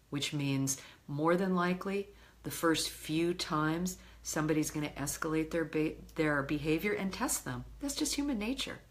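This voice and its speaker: A woman love coach teaching a session, calm and direct, with emphatic examples. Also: low-pitched.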